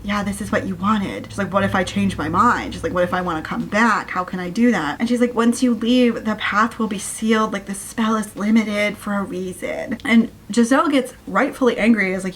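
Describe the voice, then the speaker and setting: A woman's voice: medium pitch, a little fast, hardly any pauses, a bit bright. Sarcastic woman ranting about a book. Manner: sarcastic, exasperated. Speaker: book reviewer. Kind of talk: casual rant review.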